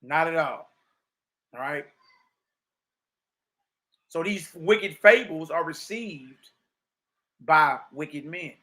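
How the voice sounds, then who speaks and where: Male Bible teacher, high-pitched, emphatic street-style preacher reading texts aloud. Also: expressive, extremely slow, pauses often, pushed and bright. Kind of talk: livestreamed religious teaching.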